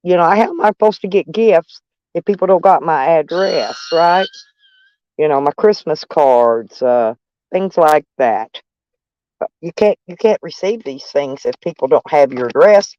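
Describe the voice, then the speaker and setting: A woman's voice: low-pitched, expressive, measured pace. Older woman, profane livestream host, lo-fi close sound. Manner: brash, profane, laughing taunts. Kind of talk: casual livestream rant.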